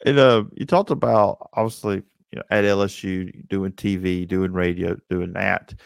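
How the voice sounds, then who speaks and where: Male interview host, low voice with fry, resonant, hesitant questioner. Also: steady tone, no room sound, studio quality. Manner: halting, many fillers. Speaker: podcast host.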